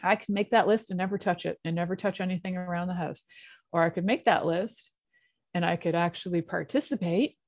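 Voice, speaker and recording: A woman's voice: lowish voice, a little fast, a little mellow, no echo. A middle-aged woman hosting a talk show, chatty and encouraging with playful asides. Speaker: radio show host. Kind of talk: casual solo talk show monologue. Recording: slightly dull lo-fi recording.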